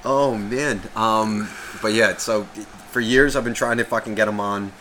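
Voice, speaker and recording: A man hosting a loose podcast in a somewhat low, bright voice. His stories wander, and he swears constantly as he talks. Faint noise hums in the background. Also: steady tone, measured pace. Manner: profane, loose and rambling. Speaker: podcast co-host. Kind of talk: casual podcast chat.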